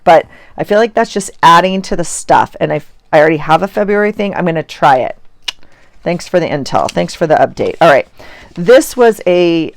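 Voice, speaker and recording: A middle-aged woman talks through her crafting in a loose, rambling chat, often breaking into giggles. Her voice sits a little low. The sound is dry, with hardly any room around it. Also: creaky, no room sound. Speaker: journaling vlogger. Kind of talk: casual chat while crafting. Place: home office.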